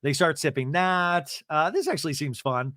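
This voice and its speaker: Lively, animated male podcast host. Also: on the high side, moderate pace, no echo, clean studio sound. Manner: animated, rambling, laughs often. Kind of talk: casual comedic recap commentary.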